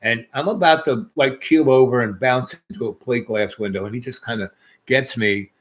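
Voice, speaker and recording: A man spins a loose, rambling story at a middling pitch. He doubles back on his words, trails off, and chuckles through it, with an unhurried, conversational flow. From New York. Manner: meandering, repeats words, chuckles often. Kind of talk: rambling personal anecdote.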